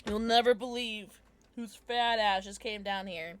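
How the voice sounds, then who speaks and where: A woman's voice: mid-range voice, fairly even intonation, a little slow, noisy background. A young woman live-streaming, chatting casually and giggling with her viewers. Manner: jumps between soft mumbles and loud squeals. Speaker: livestreamer.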